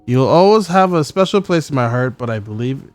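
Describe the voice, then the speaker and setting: A man's voice: mid-range voice, animated. Man reading game letters aloud. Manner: halting reading with stumbles and wry profane asides. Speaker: gameplay streamer.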